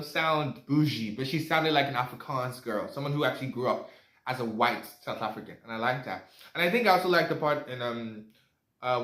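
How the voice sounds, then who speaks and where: A man's voice: mid-range voice, fairly bright tone. Young man, casual movie review, rambling and chatty, echoey room. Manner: rambling, chatty, lots of fillers and asides.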